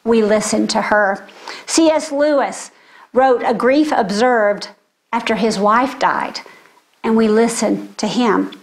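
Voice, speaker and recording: A woman's voice: a little high, slow pace. Earnest older woman preaching a sermon. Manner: earnest, storytelling. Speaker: speaker.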